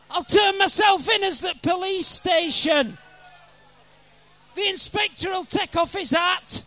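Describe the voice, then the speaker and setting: A comic poet who bellows his rhymes with brash, rowdy swagger. His voice sits extremely high and sounds bright and cutting. He drags his lines out slowly and keeps shouting at the room. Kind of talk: shouted comic verse at a live gig. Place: live music venue.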